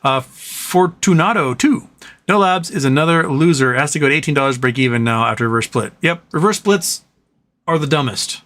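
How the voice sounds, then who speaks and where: A man's voice: fairly high pitch, normal speed, fairly bright tone. Ranting, sarcastic male livestream host. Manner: ranting, sarcastic, profane, reads chat messages aloud. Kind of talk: casual live-stream chat reading viewer comments.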